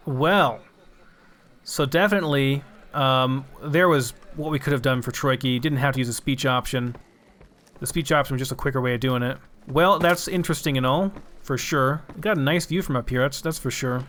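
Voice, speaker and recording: A man's voice: mid-range voice, moderate pace, fairly bright tone. A young man casually commenting on his game, musing aloud and swearing now and then. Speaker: gamer.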